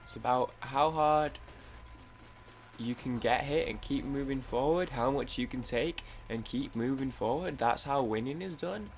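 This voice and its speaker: A man doing a lowered voice to quote a gruff aging male boxer's pep talk, slow and deliberate. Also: a little hiss or hum, natural voice. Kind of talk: quoting a film speech.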